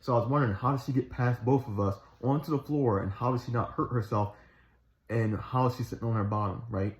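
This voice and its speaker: A Christian storyteller with a brisk, mid-range voice casually shares a personal faith story, rambling, restarting and earnestly retelling parts of it. The recording is in an echoey room and sounds slightly dull.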